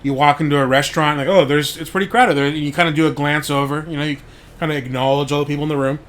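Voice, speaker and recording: This podcast host races along in a fairly high, somewhat bright voice with little pitch movement. Casually, he rambles through a story, dropping "like" over and over and cursing freely.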